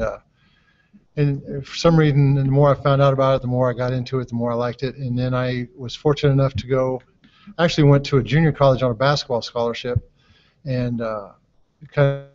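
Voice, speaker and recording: A man from Iowa, an athletic trainer, telling his story in a relaxed, self-deprecating, rambling way. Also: mid-range voice, fairly quick. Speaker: athletic trainer and program director. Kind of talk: storytelling interview answer. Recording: dull lo-fi mobile broadcast.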